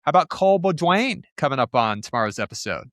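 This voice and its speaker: A man's voice: fairly high pitch, sing-song, fast talker, fairly bright tone, dry recording, studio quality. A man co-hosting a sports podcast, upbeat and teasing in casual chat. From Utah. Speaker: podcast co-host.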